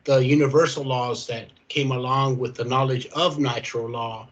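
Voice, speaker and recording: A man's voice: medium pitch, fairly even intonation, normal speed, muffled recording. A man speaking as a guest on a video call, hesitant and repeating words as he starts. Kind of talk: casual conversation.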